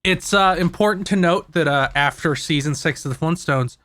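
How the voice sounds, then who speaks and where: Man, podcast co-host, high bright voice, blunt, sweary wisecracks. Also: moderate pace, no room sound. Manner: blunt, profane wisecracks and trivia. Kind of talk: casual podcast chat.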